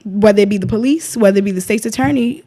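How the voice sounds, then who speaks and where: A woman's voice: medium pitch, quick pace, mellow. A woman, speaking as a guest in an emotional interview, impassioned and defiant, often retelling what others said.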